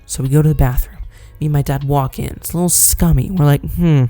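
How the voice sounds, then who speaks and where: A young man telling a rambling, animated story in a casual vlog. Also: on the high side, fast, dry recording, soft background music. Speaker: vlogger.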